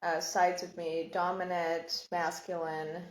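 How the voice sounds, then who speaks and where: A woman telling her own life story in a casual, reflective monologue, halting and searching for words. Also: fairly low pitch, flat delivery. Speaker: podcast host sharing personal story. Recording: echoey room.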